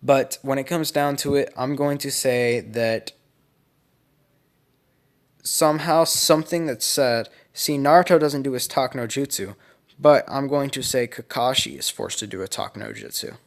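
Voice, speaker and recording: A man's voice: medium pitch, unhurried. A young man casually narrating a fan-made story, speculative and rambling, often correcting himself.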